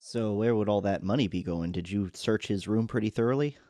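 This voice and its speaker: A man taking part in a tabletop game asks questions casually and curiously. His voice is low, recorded dry and close. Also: fairly quick, mellow, no echo. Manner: inquisitive, questioning. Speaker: player.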